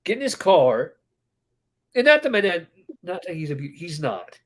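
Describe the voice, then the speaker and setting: A podcast co-host chats casually, telling a story with lively, animated delivery and acting out the people he quotes. His voice sits high and he speaks at normal speed.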